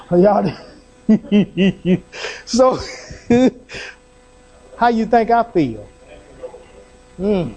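A man preaches with a strikingly high voice for a man, talking plainly and repeating lines for weight. He calls out to the people in the pews and urges them to answer back. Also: dark tone. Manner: fervent preaching, calling out to the congregation; folksy, plainspoken talk with repetition. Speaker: pastor. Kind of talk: sermon.

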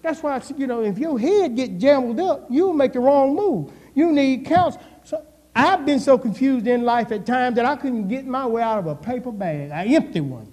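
Echoing through a church hall, a male pastor's very high-pitched voice is animated and a little mellow, moving at a normal speed. His sermon features call and response, with the intensity building and easing.

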